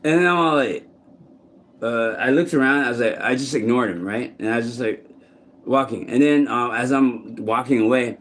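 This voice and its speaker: A man's voice: medium pitch, moderate pace, a bit bright. Rambling, profane man vlogging outdoors. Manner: rambling, profane, frequent restarts and fillers. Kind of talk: casual rambling monologue to camera. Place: outdoors in a city park.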